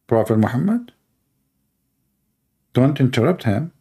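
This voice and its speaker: Male apologist, mellow, gravelly voice, dry sarcastic delivery. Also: medium pitch, big pitch swings, unhurried. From Middle East. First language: Arabic. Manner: sarcastic, mocking. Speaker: Christian apologist. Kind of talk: mocking commentary and anecdotes.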